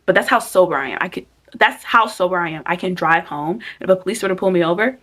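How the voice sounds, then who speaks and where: A woman's voice: fairly low pitch, quick pace, bright, forceful tone. A woman in her twenties giving casual, emphatic advice to camera, repeating phrases for stress and acting out her own thoughts. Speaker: vlogger giving life advice.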